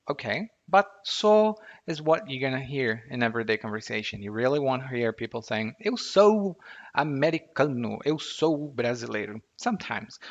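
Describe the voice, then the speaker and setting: A man teaches pronunciation in a relaxed, chatty video lesson, drawing out each vowel slowly so viewers can copy it. His voice sits at an ordinary middle pitch, and the recording sounds a little dull and lo-fi. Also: creaky. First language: Portuguese. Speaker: language teacher.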